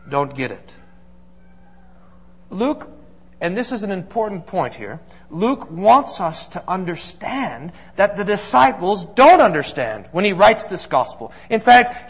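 A man's voice: sits high, slightly rough. A man preaching as a pastor, earnest and emphatic, building points through repeated lists in a sermon. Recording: long reverb of a large hall.

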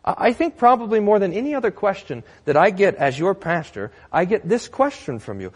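A man's voice: sits high, big pitch swings, fairly quick, hardly any pauses. A male pastor preaching a sermon in a church, conversational with wry humor.

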